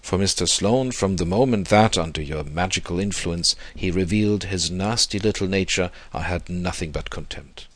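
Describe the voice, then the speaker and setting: Male reader doing a wounded, proud young gentleman, deep and formal, dry sound. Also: moderate pace, few pauses, no room sound. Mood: bitter. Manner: stiff, wounded, formal speech. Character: proud, bitter young man in anguish.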